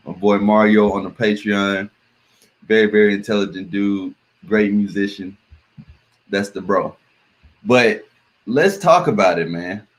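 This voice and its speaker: A man hosting a reaction video, talking casually and emphatically to his viewers and repeating words for stress. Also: on the low side. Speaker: reaction channel host.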